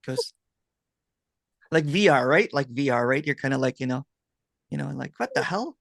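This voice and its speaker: A man talking through a video call, his voice dry and close with no room sound around it. He tells stories in an animated way and laughs often, hosting a relaxed chat. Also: mid-range voice, moderate pace, vocal fry, dry recording. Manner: laughs a lot, animated storytelling. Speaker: host, non-duality guide.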